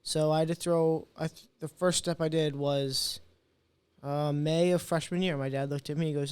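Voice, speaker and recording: A man's voice: a little high, moderate pace, clear, resonant tone, dry recording. A man in his twenties, a podcast guest, telling his story in casual talk and acting out the quotes. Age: 20s. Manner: animated storyteller, acts out quotes.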